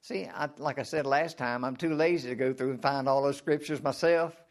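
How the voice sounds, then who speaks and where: At a moderate pace and in a steady tone, this male preacher keeps his sermon conversational, tossing out questions and answering them on his own. Periodically he mimics a prayer, pitching his voice high and strained.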